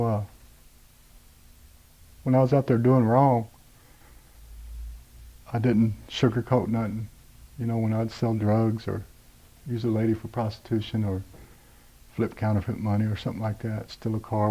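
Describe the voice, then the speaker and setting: Blunt forties man giving personal testimony, low, dark voice, level and unshowy. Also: rough recording. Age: 40s. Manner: plain-spoken, blunt, many "uh" and "you know". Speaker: rehab program graduate telling his story.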